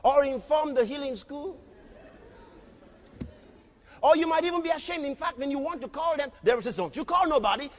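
High-voiced preacher booming in a hall. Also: male voice, normal speed, pauses often, a little hiss or hum. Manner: emphatic, acts out dialogue, often shouts, asks the crowd. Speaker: pastor. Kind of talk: sermon. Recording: long reverb of a large hall.

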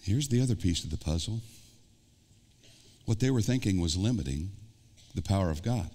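A man's voice: low voice, expressive, moderate pace, pauses often, darkish tone. A man with an American Midwestern accent, preaching an earnest sermon as pastor and putting questions straight to his congregation. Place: church sanctuary. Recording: long church reverb.

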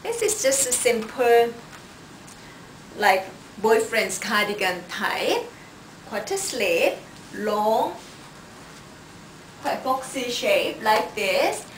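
A woman stylist walks through outfits at a slow, patient pace, her voice sitting a little high. She is recorded from some distance in a roomy space with faint background noise. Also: sing-song. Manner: unhurried, shows each item with "like this". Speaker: fashion stylist presenting clothes. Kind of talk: product styling demo.

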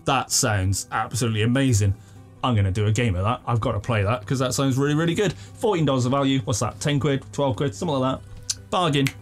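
A young man hosting an unboxing video at home, chatting with excited enthusiasm and laughing now and then. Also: medium pitch. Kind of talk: casual unboxing commentary. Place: living room at home.

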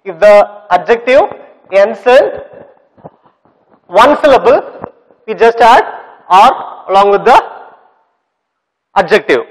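High-voiced teacher, echoey room. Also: male voice, lively intonation, slow, long pauses. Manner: repetitive, spells words out, quizzes students. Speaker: English teacher. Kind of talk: classroom grammar lesson. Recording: long reverb, echoey room.

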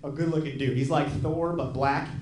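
A man performing stand-up comedy, telling a story and acting out the other people's lines in an animated way. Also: medium pitch, normal speed. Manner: animated, acts out quoted voices. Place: comedy club stage with live audience. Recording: echoey club with crowd laughter.

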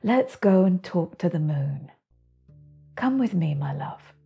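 A woman voicing a gentle, caring mother hare in a storybook, speaking softly and soothingly. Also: fairly low pitch, lively intonation, takes it slowly, creaky, slightly rough, lo-fi sound, soft background music, exaggerated voice. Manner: soft, soothing, hushed.

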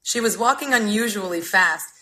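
Woman reading with a bright, wry edge. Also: mid-range voice, expressive, normal speed, a little hiss or hum, low-quality recording. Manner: wry, dry comic delivery. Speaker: reader. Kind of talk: live reading of a humorous memoir. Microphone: phone mic.

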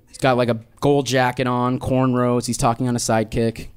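A man in his thirties performing a stand-up set, telling a story in a dry, deadpan way and slipping into exaggerated voices for quotes. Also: mid-range voice, fairly quick, a little hiss or hum. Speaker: stand-up comedian. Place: live comedy club with audience laughter. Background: audience laughter.

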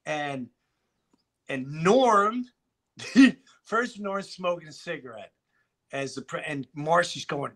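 A middle-aged man spins a story in loose conversation, his voice bright and forward and sitting a little high for a man. He swears freely and slips into the voices of the people he quotes. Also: takes it slowly, long pauses. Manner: animated, swearing, acts out quotes. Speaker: guest. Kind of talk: casual storytelling chat.

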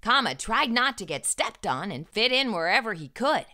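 Woman storyteller for children, somewhat high, animated, bright tone. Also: normal speed. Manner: animated, sing-song. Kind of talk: picture book read aloud.

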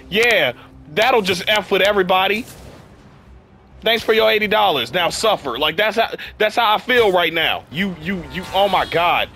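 High-voiced man ranting over a game. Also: expressive, moderate pace, sharp tone, soft background music. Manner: ranting, exasperated, heavy use of "freaking". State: sick, voice affected. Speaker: gaming YouTuber. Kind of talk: casual gameplay commentary.

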